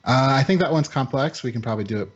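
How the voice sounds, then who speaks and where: A man in a casual gaming chat who explains the rules calmly. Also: medium pitch, fast talker, slightly rough, lo-fi sound. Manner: calm, explanatory.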